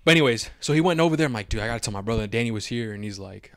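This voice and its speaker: A man co-hosting a podcast tells a long story at a mid pitch. He is animated and profane and acts out his own reactions. The sound is dry and close. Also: rapid-fire, clear, resonant tone, no echo. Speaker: podcast co-host. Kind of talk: casual storytelling chat.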